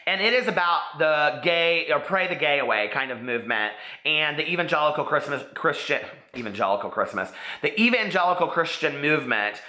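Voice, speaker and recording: A man's voice: fairly high pitch, expressive, fairly quick, few pauses, sharp tone. Gushing, chatty man in echoey room. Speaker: booktube host. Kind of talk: casual book review vlog.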